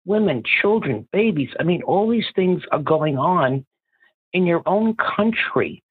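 A man's voice: a little high, animated, a little slow, breathy edge, no room sound. A man calling in to a political talk show, delivering an impassioned rant. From Ireland. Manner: impassioned, ranting. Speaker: caller. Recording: phone-line call.

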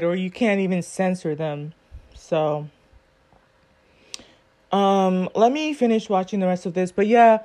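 A woman's voice: mid-range voice, mellow. A woman giving casual commentary on a court video, earnest and rambling as she thinks aloud.

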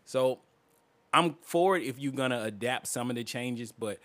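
A man's voice: mid-range voice, normal speed, dry recording. A man co-hosting a podcast in casual, profane chat, laughing often. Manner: laughs a lot, animated, profane. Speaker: podcast co-host.

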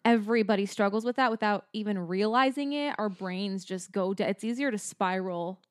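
Smooth-voiced woman, candid podcast talk. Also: medium pitch, fairly quick, no echo, studio quality. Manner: candid, confiding, filler-heavy talk. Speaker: podcast co-host. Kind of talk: casual chat.

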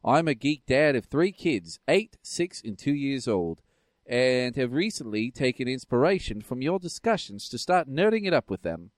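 A man's voice: mid-range voice, sing-song, normal speed, no echo, clean studio sound, natural voice. A man reading out a listener's email, playing a cheerful Australian geek dad in a put-on Australian accent. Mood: cheery. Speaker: listener email read aloud.

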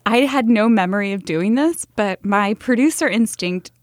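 A woman's voice: medium pitch, moderate pace, no room sound. A woman hosting a podcast in a studio, talking casually and sometimes apologetically with her guest. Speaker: podcast host.

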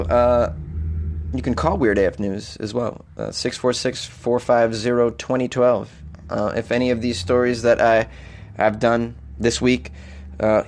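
A man with an American accent hosting a comedy podcast, ranting in an animated, jokey way with casual swearing. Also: mid-range voice, slight background noise.

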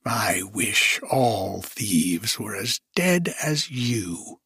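A man voicing a cruel, scheming old witch woman who mutters in a hushed, menacing way. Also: on the low side, sing-song, extremely slow, vocal fry, slightly rough, no echo, studio quality, exaggerated voice.

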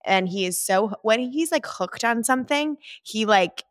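A woman's voice: on the high side, animated, measured pace, no echo, studio quality. A woman in her thirties co-hosting a podcast, chatting upbeat about her weekend. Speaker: podcast co-host. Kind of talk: casual chat.

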